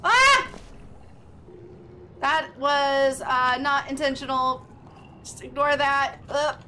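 High, bright-voiced woman streamer. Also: little pitch movement, slow pace, slight background noise. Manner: chatty, thinks aloud, greets chat loudly. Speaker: game streamer. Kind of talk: live gameplay chat with viewers.

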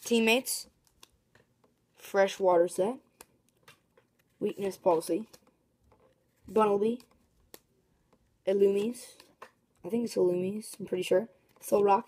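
A chatty woman vlogger talks through opening card packs in an average-pitched voice. She is excitable and prone to sudden excited shrieks. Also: measured pace, pauses often. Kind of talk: casual commentary while opening card packs.

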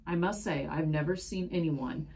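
A woman voicing a calm, gentle young man who plays violin on an ocean liner. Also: deep voice, normal speed.

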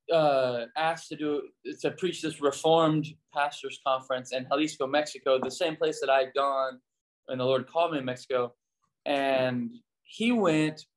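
A man, a pastor and former missionary, telling stories casually as an interview guest and acting out the dialogue in them. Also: on the high side. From United States. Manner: animated storyteller, acts out quoted dialogue in a raised voice.

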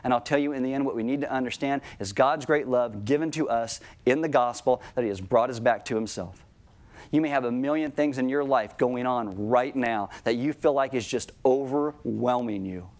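A middle-aged man preaching a sermon to his congregation in a conversational tone, slowing right down on key lines. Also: mid-range voice, darkish tone. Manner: conversational preaching, slows down for emphasis. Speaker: pastor.

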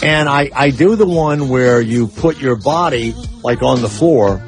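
A man's voice: mid-range voice, expressive, unhurried, soft background music. A man hosting a talk radio show, telling stories in a brash, casual way and swearing freely. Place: radio studio.

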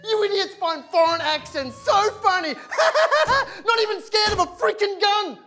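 A woman's voice: extremely high pitch, expressive, a little slow, a bit bright, faint music behind. A woman acting as a blunt, exasperated bank robber in a comedy sketch.

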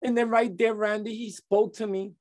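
A middle-aged man, an interview guest recounting a personal testimony in halting speech full of restarts and repeated words. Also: high-pitched, flat delivery, darkish tone.

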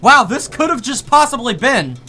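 A young man commentating a horror game let's play, excitable and jumpy, rambling through self-corrected asides and yelping when startled. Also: very high-pitched, moderate pace, faint music behind. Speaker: gaming YouTuber.

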